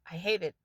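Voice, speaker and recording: A woman's voice: sharp tone, dry recording. A woman vlogger delivering an angry, profane rant straight to camera in a casual monologue.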